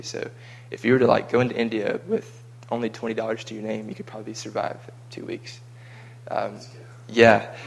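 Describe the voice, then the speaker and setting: Flat, gravelly man chatting. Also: fairly low pitch. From United States. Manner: chatty and rambling, with frequent repeated words. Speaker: vlogger recounting a mission trip. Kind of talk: casual chat.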